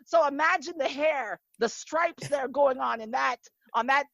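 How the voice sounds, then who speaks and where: A woman with a flat Midwestern accent talks in a loose, rambling way, full of "like" and "you know." Her voice sits a little high. The recording is dry and slightly muffled. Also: moderate pace, creaky, no room sound. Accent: Midwestern American. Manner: chatty, animated storytelling with many fillers. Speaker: podcast host. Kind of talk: casual chat.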